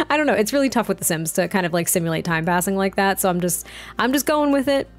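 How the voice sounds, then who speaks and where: A young woman giving bubbly, excitable and rambling commentary while she plays a life-sim game. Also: medium pitch, fairly quick, faint music behind. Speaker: let's play host.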